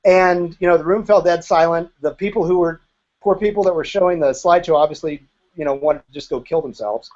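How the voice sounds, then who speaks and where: Frank, high-voiced man recalling his past. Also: brisk, a little mellow, muffled recording. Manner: frank, candid, occasionally profane. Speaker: interview guest, former group member. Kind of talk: casual interview storytelling.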